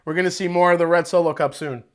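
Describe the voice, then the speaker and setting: A man with a slightly high voice chats loosely through a casual livestream from home. He rambles as he thinks aloud and curses freely. His wireless mic sits close and picks up every aside. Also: steady tone, fast talker. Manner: loose, chatty, rambling, swears and laughs easily. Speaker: whiskey reviewer hosting a livestream. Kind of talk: casual livestream tasting chat. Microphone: wireless microphone with battery pack.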